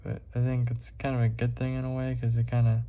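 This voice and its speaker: A man's voice: mid-range voice, completely flat delivery, quick pace, warm tone, slight background noise. A young man vlogging while he draws, rambling casually with lots of fillers and swearing. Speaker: art vlogger.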